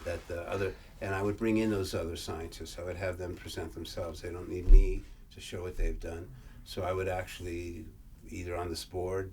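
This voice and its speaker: A man presenting a workshop, reading old verse aloud and explaining it in a halting way, often repeating and restarting words. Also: sits low, darkish tone. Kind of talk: lecture reading and explaining scripture. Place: workshop room. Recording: distant mic, faint room noise.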